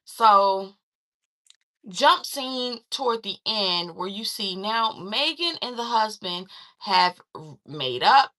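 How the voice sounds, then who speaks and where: A woman casually recapping a movie plot, retelling the story in an animated way with lots of fillers and restarts. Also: medium pitch, slow. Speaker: movie reviewer.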